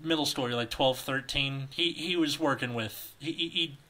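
A man's voice: medium pitch, moderate pace. A man co-hosting a comedy podcast, reading a fan story aloud and riffing wryly. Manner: animated, wry, laughs easily.

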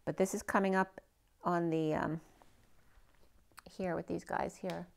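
A woman reading tarot cards aloud in a casual way, thinking out loud and asking the cards questions as she goes, her voice a little hoarse. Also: lowish voice, fairly even intonation, a little slow. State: a bit hoarse, losing her voice. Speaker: tarot card reader.

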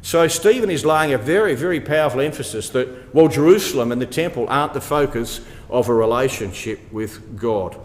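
A man at middle pitch leads a Bible study, working through a passage verse by verse. He presses his points with rhetorical questions and emphatic repetition. His voice rings with the long reverb of a large hall. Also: expressive, brisk, few pauses. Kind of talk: expository Bible talk.

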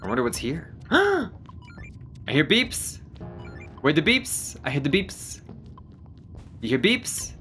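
An excitable gamer talks through a playthrough in casual commentary, gasping and exclaiming at every turn. The voice is bright and edgy and leaps across a huge pitch range, with faint music playing underneath. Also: takes it slowly, long pauses. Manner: excitable, gasps and exclaims often; swears casually. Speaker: let's play gamer.

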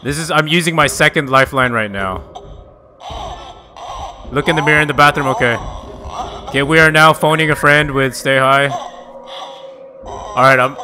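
A man's voice: on the high side, moderate pace, long pauses, crowd noise. A man streaming a horror game live, talking to his chat, swearing often and shrieking when startled. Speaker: gaming streamer. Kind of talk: live gameplay reaction.

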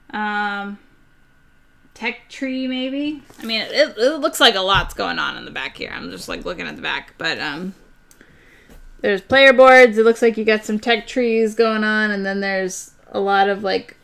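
A young woman chatting casually and excitably about board games on her live stream, rambling with fillers. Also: medium pitch, smooth.

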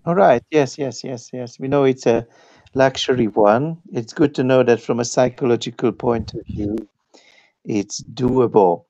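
A man moderating an online roundtable, measured and unhurried, with fillers. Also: mid-range voice, dark tone, no echo, dull audio. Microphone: video call.

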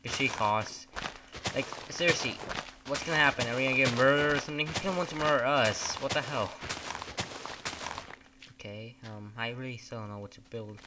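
A man's voice: medium pitch, brisk, pauses often, background noise. A man giving casual gameplay commentary, rambling, swearing often and getting easily annoyed. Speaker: gamer.

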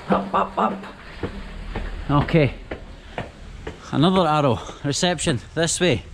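A man's voice: a little high, animated, slow, creaky, long pauses, noisy background. Chatty Scottish man vlogging. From Scotland. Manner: chatty, self-narrating while walking. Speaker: travel vlogger. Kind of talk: casual travel vlog.

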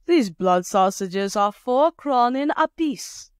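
A woman reader puts on an unflappable peasant woman in a storybook, pitched brighter and higher than the narration. She sounds calm and matter-of-fact, stretching her words as she haggles. The recording is dry and close. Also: takes it slowly, clear, resonant tone, no echo. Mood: calm, shrewd.

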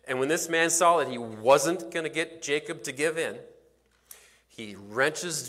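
Man preaching a Sunday sermon. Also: medium pitch. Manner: storytelling preacher, rising and dropping to near quiet for emphasis. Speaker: pastor. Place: church sanctuary.

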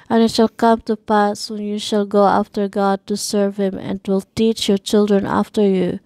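A woman reading scripture aloud in a steady, measured way, with archaic wording. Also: medium pitch, dry recording. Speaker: scripture reader.

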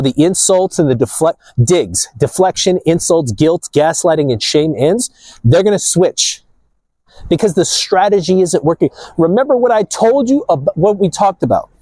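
A man vlogging outdoors near the ocean, ranting casually to his viewers in a preachy, animated way. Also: fairly high pitch, dry recording, low-quality recording. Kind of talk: casual outdoor rant to camera.

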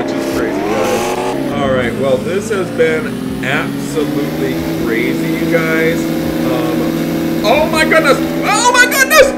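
A young man hosting a gaming roleplay as a father, excitable and talking straight to viewers, given to repeated exclamations. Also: mid-range voice, heavy background noise. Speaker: gaming channel host playing a father. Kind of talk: casual roleplay gameplay commentary.

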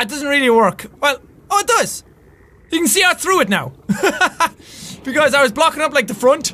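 A young Irish man in his twenties giving loud, excitable let's-play commentary, swearing often and yelling with excitement. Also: very high voice. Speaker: gaming YouTuber.

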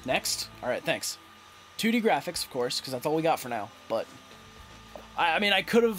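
A man giving casual, playful gameplay commentary, reading game text aloud and getting excitable. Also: medium pitch, normal speed, soft background music. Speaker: let's play host.

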